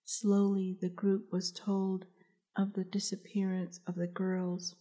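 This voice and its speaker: A woman, the author, reading her novel aloud as calm, measured audiobook narration. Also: medium pitch.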